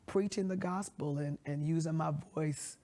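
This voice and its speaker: A woman pastor telling her story in an interview, measured and reflective. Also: deep voice, fairly even intonation, mellow. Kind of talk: interview answers.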